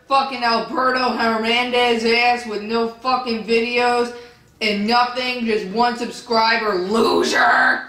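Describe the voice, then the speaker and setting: A woman reads viewer comments in a slow, drawn-out way, then fires back with swearing and shouted insults. The room is roomy and echoey, and she sits well back from the microphone. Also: a little high. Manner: profane, insulting, yells at commenters. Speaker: vlogger reading viewer comments. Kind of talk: angry comment-reading rant. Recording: roomy echo, distant from the mic.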